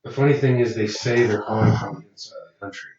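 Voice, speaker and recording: Man, podcast co-host, animated storyteller; distant mic in an echoey room, lo-fi. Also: fairly low pitch, fast. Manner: animated storyteller acting out quoted voices. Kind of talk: casual chat.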